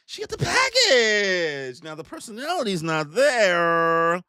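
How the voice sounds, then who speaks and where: A young man reacts live to a new manga chapter, full of jokes and slang and quick to act out the characters. His voice is bright and sits fairly high, and it swings widely in pitch. The sound is dry and close to the mic. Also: dry recording. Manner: joking, animated, slangy, acts out characters in put-on voices. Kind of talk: excited live reaction commentary.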